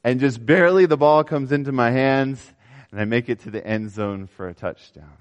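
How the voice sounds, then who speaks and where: A young man preaching a sermon, telling a story with animated swings between raised emphasis and quiet asides. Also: mid-range voice, normal speed, clear, resonant tone, muffled recording. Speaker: pastor.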